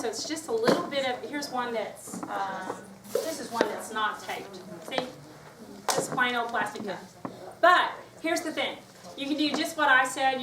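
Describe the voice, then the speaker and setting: A woman's voice: a little high, far from the mic, background noise. Woman teacher calling commands in an echoey room. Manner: calls out rhythmic commands, then explains chattily. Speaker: music teacher leading a workshop. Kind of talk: hands-on teaching demonstration. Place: workshop room with an audience.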